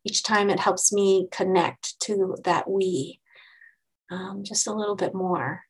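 Woman meditation teacher, gravelly edge, gentle unhurried dharma talk with pauses. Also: mid-range voice, rough recording.

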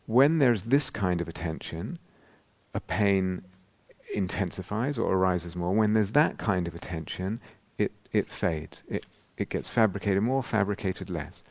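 Low gravelly-voiced male meditation teacher. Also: animated, unhurried, darkish tone, no echo. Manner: thoughtful, searching for words, many restarts. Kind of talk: answering questions at a retreat. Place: meditation hall.

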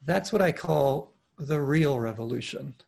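Over a video call from his home, a man leads an online retreat's dharma talk with warm, animated sincerity and an unhurried, measured delivery. He has a husky, lightly breathy voice on the higher side for a man, and he keeps restarting phrases and breaking into soft laughs.

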